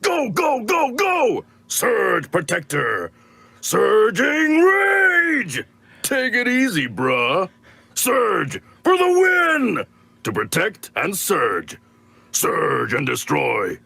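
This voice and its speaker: Hyped robot, shouting battle cries, gravelly, husky, wild pitch jumps. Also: male voice, huge pitch swings, drawn-out words, dry recording, full character voice. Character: hyped-up male robot, loud and boastful. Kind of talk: game character voice lines.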